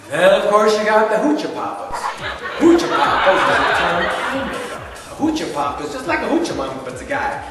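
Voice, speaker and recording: Brief: male stand-up, wry and self-mocking, far from the mic in an echoey hall, loud music. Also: high voice, huge pitch swings, fairly quick. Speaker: stand-up comedian. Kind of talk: comedy monologue.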